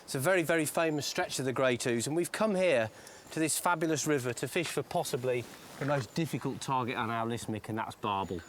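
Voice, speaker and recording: A man's voice: medium pitch, brisk, hardly any pauses, a little hiss or hum. A man, presenting a fishing show outdoors by the water in a matey, encouraging way. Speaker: angler presenter. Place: outdoors by a lake and river.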